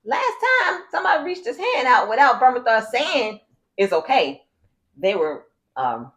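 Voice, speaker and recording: A woman co-hosting a comedic TV recap, telling the story in a joking, animated way. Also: on the high side, normal speed. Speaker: co-host.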